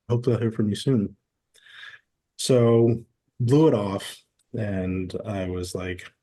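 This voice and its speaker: A man in his forties, a podcast guest, telling stories in a relaxed, casual way and acting out quoted dialogue. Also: lowish voice. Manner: relaxed storyteller who acts out quoted dialogue. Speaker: podcast guest, former military. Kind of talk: casual interview storytelling.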